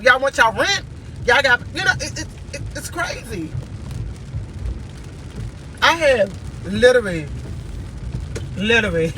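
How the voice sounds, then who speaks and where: A man's voice: extremely high pitch, background noise. A man venting in a casual vlog, exasperated and repeating himself as he rants from inside a car. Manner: exasperated, repetitive ranting. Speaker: vlogger.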